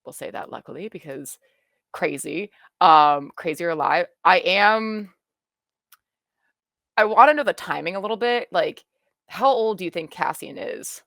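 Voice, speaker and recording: A woman in casual chat, reacting to a show she is watching for the first time, rambling and excitable, with many restarts. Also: fairly low pitch, measured pace, no echo, studio quality.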